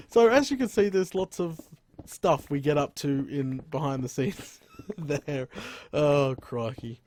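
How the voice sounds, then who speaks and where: An Australian man chats slowly in a slightly mellow voice on a casual gaming live stream from a room at home. Speaking into a boom arm microphone, he rambles, laughs often and exclaims "crikey."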